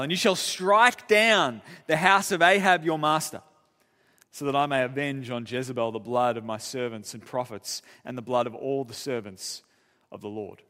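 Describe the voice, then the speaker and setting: A man voicing a young prophet, proclaiming in a slow, solemn way. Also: mid-range voice, bright, forceful tone, close to an everyday voice. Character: solemn young prophet delivering God's word. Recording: long church-hall reverb.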